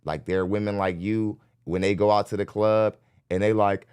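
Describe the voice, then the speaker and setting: A man's voice: lowish voice, steady tone, moderate pace, darkish tone, smooth. A man hosting a live podcast, reacting bluntly to a clip and talking straight to his chat, often laughing between points. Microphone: studio mic.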